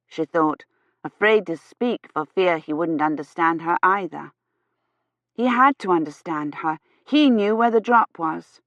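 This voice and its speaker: A woman narrating an audiobook in a measured, unhurried reading. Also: fairly low pitch, expressive, a bit bright, dry recording. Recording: slightly dull, dry audio.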